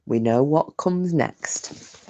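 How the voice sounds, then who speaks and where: A woman's voice: deep voice, expressive, takes it slowly, dark tone. Woman streamer just nattering to chat, swears a lot, laughs at herself. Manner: chatty, swears freely, self-mocking. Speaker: live streamer chatting with viewers. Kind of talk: casual chat with live chat.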